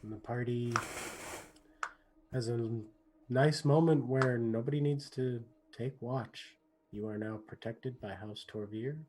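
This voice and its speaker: A man narrating a tabletop game as game master, painting scenes slowly with restarts and filler words. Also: medium pitch, slight background noise. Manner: slow, descriptive narration with frequent restarts and softening fillers.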